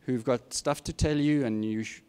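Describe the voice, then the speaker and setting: A middle-aged guest speaker addresses students informally at a moderate pace, his mid-range voice a little mellow, clear and resonant. He offers candid, plain-spoken career advice and makes self-deprecating remarks.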